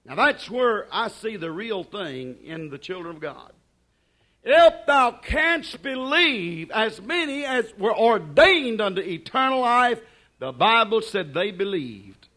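High-voiced, bright fervent preacher man. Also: sing-song. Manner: fervent, drawn-out preaching with swings from loud to hushed. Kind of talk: sermon.

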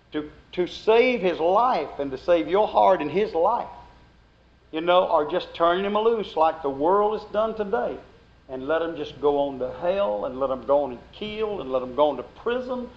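A man preaches in a folksy, homespun way, his voice sitting a little high for a man. He swings from plain storytelling into loud, emphatic outbursts. The recording is dull and lo-fi. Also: animated, unhurried. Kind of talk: sermon.

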